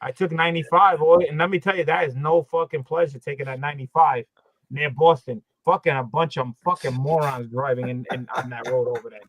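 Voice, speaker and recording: A man's voice: on the high side, steady tone, fairly quick, a bit bright, no room sound, dull audio. A man from Pennsylvania hosting a casual chat, talking freely and swearing now and then. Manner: chatty, profane. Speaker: host.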